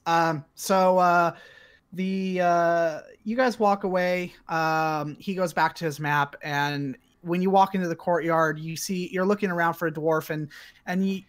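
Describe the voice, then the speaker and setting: Brief: male game master, slightly high voice, halting narration packed with fillers. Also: steady tone, smooth. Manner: hesitant, constant filler sounds. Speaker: dungeon master.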